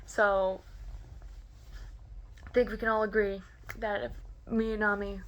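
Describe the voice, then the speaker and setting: A young woman vlogger excitedly telling a story to camera, gushing and full of "like" fillers. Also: medium pitch, unhurried.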